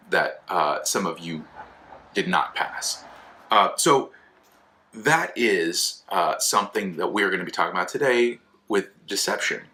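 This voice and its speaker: Casting: man in his thirties from California, lowish bright voice, casual animated lecture, jumps into silly voices. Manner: animated, acts out quoted voices, many restarts. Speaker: philosophy teacher.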